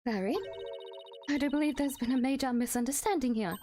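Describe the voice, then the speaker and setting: A woman's voice: sits high, a little fast, warm tone, soft background music, lightly acted. A woman reading as a prim young maid.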